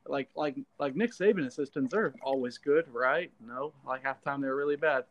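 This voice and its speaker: A man, co-hosting a podcast and calmly explaining his view in casual sports talk, with lots of "like" asides. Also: mid-range voice, normal speed, dull audio. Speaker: podcast co-host.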